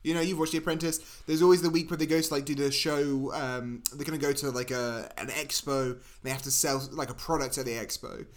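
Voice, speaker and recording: A man's voice: mid-range voice, steady tone, brisk, few pauses. A British man co-hosting a podcast, talking casually and playing up a mock-salesman bravado for laughs. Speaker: podcast co-host. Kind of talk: casual comedic chat.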